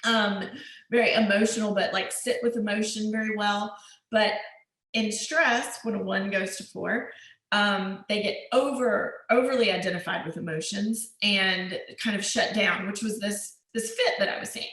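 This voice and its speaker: A woman's voice: mid-range voice, steady tone, moderate pace, a bit bright. A woman giving a casual workshop talk on screenwriting, rambling and conversational, correcting herself and laughing lightly as she goes. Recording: echoey room.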